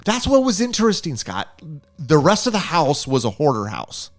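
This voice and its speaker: A man's voice: a little high, huge pitch swings, moderate pace. A man co-hosting a film review podcast in casual chat, musing aloud and asking questions as he restarts his thoughts. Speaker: podcast co-host.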